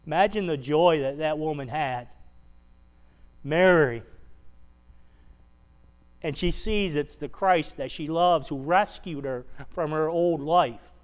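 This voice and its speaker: Guy preaching slow and easy, chatty, keeps asking the church questions. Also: on the high side. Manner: conversational storytelling, rhetorical questions to the congregation. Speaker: pastor. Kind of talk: sermon.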